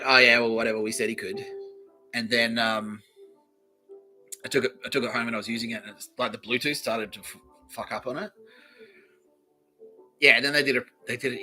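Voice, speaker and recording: Man, podcast host, sharp bright tone, sweary rambling monologue, loud-to-muttered swings. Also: medium pitch, poor audio.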